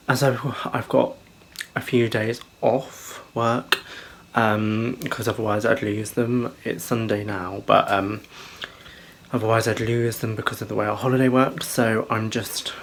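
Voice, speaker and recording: Chatty man with a gravelly voice. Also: on the low side, darkish tone, slight background noise. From England. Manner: chatty, rambling, with fillers and apologies. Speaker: vlogger. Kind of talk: casual home vlog. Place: small home, kitchen and bedroom. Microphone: handheld phone camera, filming up close.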